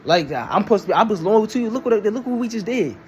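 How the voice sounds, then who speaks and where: A man's voice: sits high, animated, fast, slight background noise, voice pushed up. A man voicing an angry young male thunder god who scolds his brother in heated, slangy speech.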